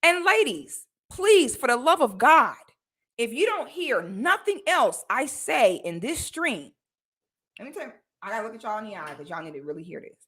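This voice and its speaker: Loud, animated woman ranting. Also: a little high, normal speed, breathy edge. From Florida. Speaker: streamer. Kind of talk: ranting livestream monologue.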